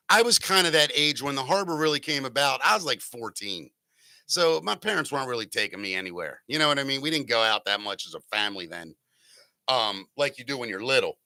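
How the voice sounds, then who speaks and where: A man's voice: fairly high pitch, sharp tone, no room sound. A man hosting a casual talk show, telling a rambling, jokey story and correcting himself as he goes. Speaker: podcast host.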